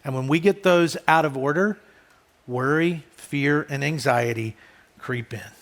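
A man, a pastor, preaching a conversational sermon who often drops soft and low for emphasis. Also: a little slow.

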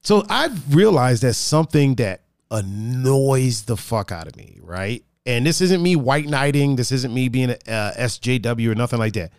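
A man hosts a podcast, recounting stories animatedly in relaxed talk and swearing without restraint. He speaks at medium pitch and normal speed with barely any pauses, in echo-free studio-quality audio.

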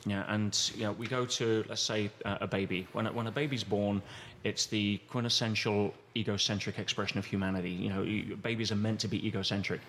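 A man's voice: fairly low pitch, brisk, hardly any pauses, a little hiss or hum. A man as a podcast guest, explaining at length in a conversational way and acting out quoted voices as he goes. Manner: animated, acts out quoted voices.

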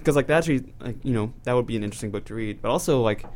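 Young male co-host, rapid rambling chatter, mid-pitch. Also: a little mellow. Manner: rapid, rambling, laughs often. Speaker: podcast co-host. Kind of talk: casual chat.

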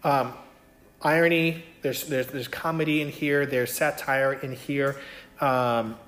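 A man's voice: medium pitch, steady tone, takes it slowly, fairly bright tone. A man giving a casual Bible teaching, talking conversationally and often checking in with his listeners. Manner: conversational, many fillers and "right?" checks. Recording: echoey room.

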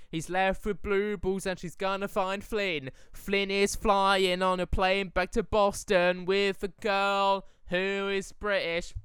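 A man giving excitable, casual reaction commentary to a movie, talking back to the screen and humming along. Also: sits high, takes it slowly, hardly any pauses, clean tone, dry recording.

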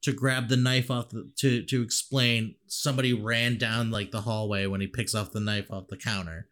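A man's voice: fairly low pitch, little pitch movement, normal speed, fairly bright tone. A man co-hosting a casual movie review chat, rambling and laughing often, swearing now and then. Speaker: podcast co-host.

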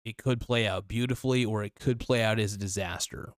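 A man with a lowish voice rambles through a solo podcast monologue, loose and profane, often restarting his sentences. His voice sounds a little worn, as if he is losing it. The sound is dry and close, with no room echo. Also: steady tone, brisk. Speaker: podcast host.

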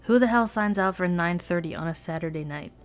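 A woman's voice: lowish voice, fairly quick, faint music behind, lightly acted. A woman reading aloud and voicing an arrogant, irritable teenage boy roommate with sneering, exasperated outbursts. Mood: dismissive.

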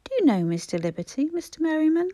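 Polite reassuring doctor, raised pitch, voiced by a woman reader; storybook. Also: very animated, fast, dark tone, no room sound. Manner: courteous, encouraging.

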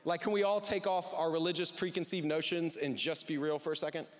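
A man's voice: on the high side, steady tone, a little fast, in a large hall. A male pastor preaching a sermon in a conversational way, acting out what people say. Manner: conversational, acts out quoted voices. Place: church service.

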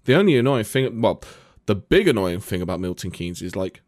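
A man's voice: fairly low pitch, a little fast, no room sound, clean studio sound. Sweary man with a Nottingham accent. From Nottingham, England. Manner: sweary, animated storytelling. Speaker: podcast co-host and gigging musician. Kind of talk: casual chat.

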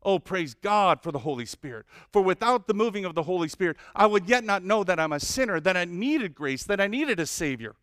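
A male pastor preaching a sermon, listing names of God with lively emphasis and humorous asides. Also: sits high, a little fast, few pauses, dry recording, studio quality.

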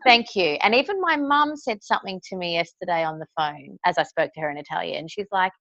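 Low-voiced woman, effusive podcast host. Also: fairly quick, creaky, hardly any pauses, dry recording, muffled recording. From Australia. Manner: warm, effusive, emotional. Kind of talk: casual podcast chat.

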